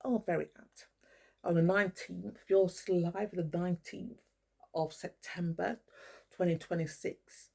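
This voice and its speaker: Speaking at a normal speed in a steady tone, an older woman with a lowish, creaky, darkish voice and a breathy edge vlogs to camera. She swears heavily through an angry, meandering rant, addressing named people head-on.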